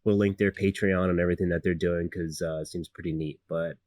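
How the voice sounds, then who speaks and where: Young male DM, low voice, dry close sound, loose and chatty. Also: a little fast, no echo. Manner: relaxed, filler-heavy narration. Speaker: dungeon master. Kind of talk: casual podcast game narration.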